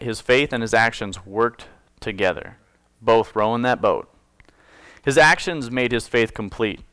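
A mid-range, fairly bright, clean male voice with no echo belongs to a pastor delivering a relaxed sermon. He reads passages of scripture, explains them in a chatty way, jokes with his listeners, and corrects himself.

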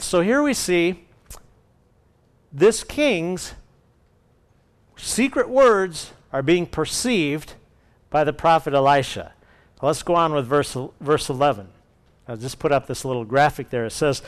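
Smooth-voiced male pastor preaching. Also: on the high side. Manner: expressive, acts out quoted speech. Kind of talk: sermon with Bible reading.

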